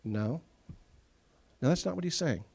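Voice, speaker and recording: Animated pastor preaching with folksy humor. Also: male voice, a little high, a little slow, creaky, breathy edge. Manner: animated storytelling, acts out quoted voices. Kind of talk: sermon. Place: church sanctuary.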